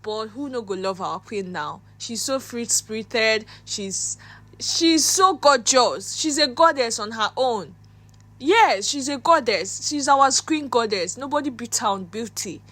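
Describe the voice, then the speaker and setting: A Nigerian-accented woman runs a celebrity gossip channel and talks in a chatty, gushing flow, sliding between pidgin and English. Her voice sits a little high. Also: lively intonation, a little slow, fairly bright tone, no room sound. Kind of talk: gossip commentary.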